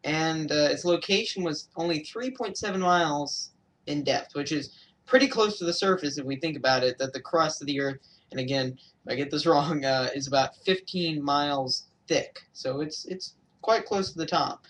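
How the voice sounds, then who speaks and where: A man's voice: fairly high pitch, normal speed, fairly bright tone, far from the mic. Hesitant young man giving a weather update. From Georgia, USA. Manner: hesitant, many fillers and self-corrections. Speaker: amateur weather broadcaster. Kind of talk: casual weather update livestream.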